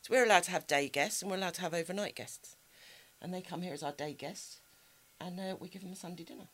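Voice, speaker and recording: An English woman co-hosts a relaxed podcast, her voice sitting a little low. She talks in a chatty, rambling way and laughs easily at her own odd turns of phrase. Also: fast talker. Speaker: podcast co-host. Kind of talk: casual chat.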